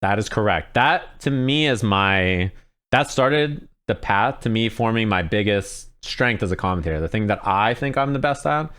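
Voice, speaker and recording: A man's voice: lowish voice, expressive, normal speed, a bit bright. A man, a fighting game commentator, talking candidly and in a laid-back way as the guest in an interview. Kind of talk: casual interview chat.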